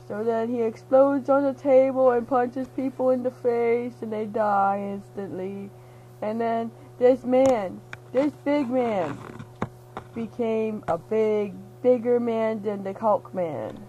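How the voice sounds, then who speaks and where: A high-voiced young woman, drowsy and slap-happy, tells a rambling, nonsensical version of a movie plot. She giggles often and slips into quick voices for the characters. A faint hum sits behind her home recording. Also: warm tone, low-quality recording. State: half-asleep, giddy. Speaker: storyteller. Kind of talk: rambling comic retelling of a movie.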